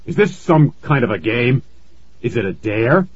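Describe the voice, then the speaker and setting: A man voicing an angry father who scolds and shouts warnings, on a dull, lo-fi recording. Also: medium pitch, sing-song, a little slow, breathy edge, no room sound. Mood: angry stern.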